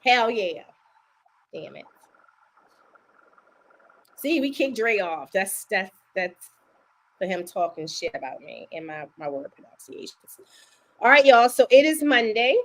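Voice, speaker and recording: An older woman with a Baltimore accent, casually chatting and laughing as a podcast co-host, her voice worn down and going hoarse. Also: mid-range voice, a little slow, long pauses. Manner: laughing, animated, teasing. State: losing her voice. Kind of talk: casual chat.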